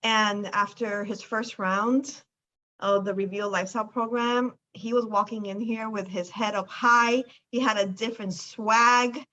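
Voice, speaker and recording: A woman's voice: medium pitch, steady tone, a little slow, bright, forceful tone, slight background noise. A woman hosting a casual chat about a weight loss program, telling a client story in an emphatic, enthusiastic way. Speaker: weight loss clinic host. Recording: dull lo-fi sound.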